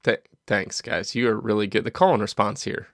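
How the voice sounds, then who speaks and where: Podcast host, man, gravelly low voice, dry sound, self-deprecating jokes. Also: fairly even intonation, a little fast, no room sound. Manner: jokey, rambling, self-deprecating. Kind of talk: casual podcast chat.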